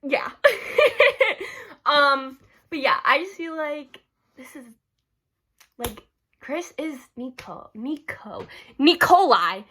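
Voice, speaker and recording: A woman's voice: high-pitched, very animated, extremely slow, pauses often, bright, forceful tone. A young woman rambling casually in a vlog, giggly and gushing, with constant "like" fillers. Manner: giggly, gushing, heavy use of "like". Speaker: book vlogger.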